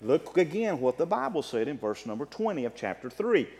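A man preaching a sermon as pastor, animated, with a rising and falling delivery. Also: on the high side, fairly quick. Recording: long reverb of a large hall.

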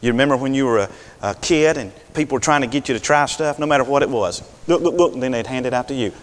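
A man preaching a sermon in a folksy, animated way, calling for amens. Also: medium pitch, quick pace, long reverb tail.

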